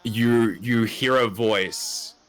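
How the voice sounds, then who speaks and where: Slow, halting male game master. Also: mid-range voice, steady tone, a bit bright. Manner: halting, many fillers and restarts. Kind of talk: narrating a tabletop game.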